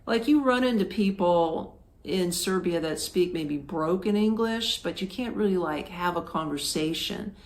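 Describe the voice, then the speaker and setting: A woman's voice: on the low side, unhurried. A woman from Florida hosting a podcast, telling a travel story in a chatty, casual way, full of fillers and acted-out quotes. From Florida, United States. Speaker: podcast host.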